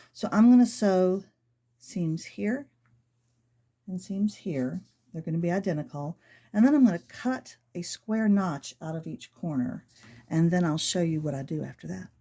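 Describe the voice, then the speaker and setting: A middle-aged woman chatting casually and rambling a little as she works through a sewing project at home. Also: lowish voice. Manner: chatty, rambling, soft-spoken asides. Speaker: sewing vlogger. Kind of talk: casual chat while sewing.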